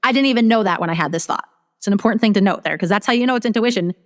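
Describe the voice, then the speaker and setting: Speaking at a racing pace with a medium pitch, this business strategist appears as a guest on a casual interview. She narrates her story with animation and voices her own thoughts aloud, and a long reverb tail follows her words.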